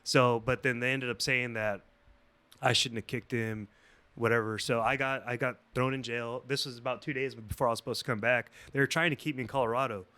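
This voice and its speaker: A man's voice: mid-range voice, brisk, clean tone. A man guesting on a podcast, telling a story in casual, rambling, swear-heavy talk. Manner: profane, rambling, animated.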